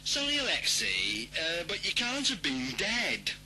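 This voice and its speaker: A man's voice: sits high, huge pitch swings, a little slow, over music, poor audio. A man who acts as the producer, interrupting in a plaintive way.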